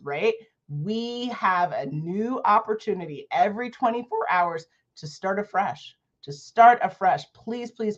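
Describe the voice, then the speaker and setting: A woman in her thirties hosting a casual livestream book chat, animated and laughing often as she reads affirmations aloud. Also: mid-range voice, muffled recording. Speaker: host of an online book club.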